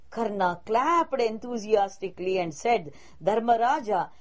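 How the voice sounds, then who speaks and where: A woman reads an old tale aloud at a steady mid-range pitch. She keeps to a plain narrating voice and shifts only a little for the quoted characters. Now and then she stumbles and restarts a word. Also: measured pace, few pauses. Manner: reads a prepared text, with small slips and restarts. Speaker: storyteller. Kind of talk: read-aloud story narration.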